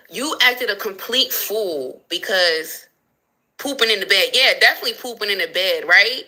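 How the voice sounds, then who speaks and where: Bright-voiced woman venting on a livestream. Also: mid-range voice, poor audio. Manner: candid, emotional, talks back to viewers. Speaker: livestream host.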